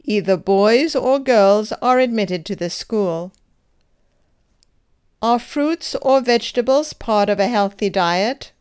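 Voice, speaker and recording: A woman reads out grammar drills at an unhurried, measured pace, leaving room for repetition. Her voice is smooth and crisp, and every word is carefully enunciated. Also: mid-range voice, lively intonation, darkish tone. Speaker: English teacher. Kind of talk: slow scripted grammar drill.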